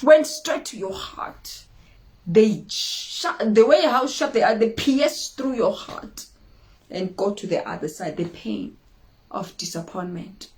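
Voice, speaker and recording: A woman hosting an inspirational talk, speaking with emphatic repetition and acting out dramatic quotes. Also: medium pitch. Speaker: inspirational show host.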